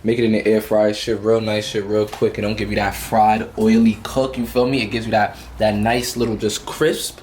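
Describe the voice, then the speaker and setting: A young man cooking in his home kitchen and talking to viewers, quick and slangy, often asking "you feel me". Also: lowish voice, flat delivery, a little mellow, a little hiss or hum. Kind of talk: casual cooking vlog.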